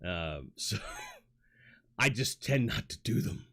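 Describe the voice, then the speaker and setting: Speaking slowly but animatedly, this man has a fairly low, fairly bright voice and a New York accent. He hosts a casual livestream from his home toy room on a studio microphone, rambling, reading chat aloud, and filling his talk with fillers and restarts.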